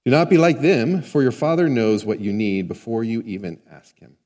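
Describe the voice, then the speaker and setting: A pastor preaches a sermon conversationally, often asking the congregation questions. His voice is medium-pitched, a little mellow and at normal speed, with long hall reverb on the recording.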